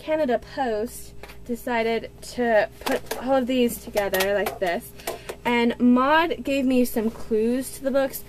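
A woman in her twenties, gushing and excitable in a casual unboxing vlog at home, with gasps and squeals. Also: on the high side, takes it slowly, slight background noise. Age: 20s. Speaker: book vlogger.

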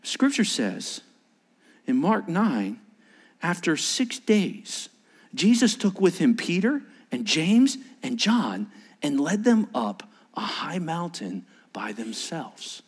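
Animated male preacher acting out scenes. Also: on the high side, slow, husky. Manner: dramatic, acts out quoted disciples with shifting voices. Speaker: pastor. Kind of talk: sermon. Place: church.

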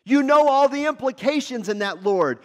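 A man preaching who voices an earnest young male warrior leader, speaking slowly and pleadingly in a raised voice. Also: very high voice, expressive, voice pushed up.

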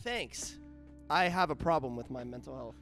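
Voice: medium pitch, moderate pace, fairly bright tone. A streamer chatting casually on stream, laughing often and swearing playfully. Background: faint lo-fi music.

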